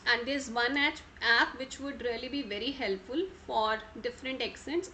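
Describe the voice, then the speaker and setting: A woman's voice: on the high side, fairly even intonation, normal speed, few pauses, bright, forceful tone, a little hiss or hum. A woman with an Indian English accent teaching an online exam-prep class, calling on students by name and slipping into Hindi. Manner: repetitive, checks in with students by name; switches into Hindi mid-sentence. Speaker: IELTS trainer.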